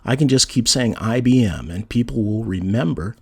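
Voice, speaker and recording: A man's voice: mid-range voice, expressive, normal speed, gravelly, breathy edge. A man giving a casual spoken lesson on writing, talking conversationally and reading example sentences aloud with emphasis. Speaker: writing teacher.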